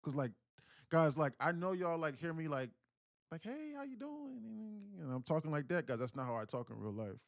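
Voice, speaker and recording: A man's voice: medium pitch, a little fast, dry recording, studio quality. A man talking casually to his livestream audience, telling a story animatedly in street slang. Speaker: day trading livestreamer.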